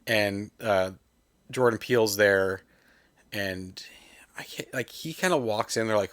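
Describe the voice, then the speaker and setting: A man with a lowish voice, chatting casually on a podcast. He rambles and keeps restarting his sentences. The sound is dry and close. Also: steady tone, normal speed, no echo. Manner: rambling, many restarts and fillers. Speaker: podcast co-host. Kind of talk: casual chat about movies.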